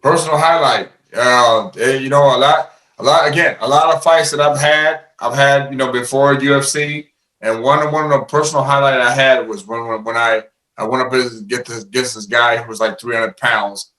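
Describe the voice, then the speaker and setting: A man talking in a casual interview with a bright, forceful voice. He is animated and often doubles up his words as he gets going. His voice rings in a roomy, echoey space. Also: mid-range voice, moderate pace. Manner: animated, repeats words when starting a thought. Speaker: interview guest.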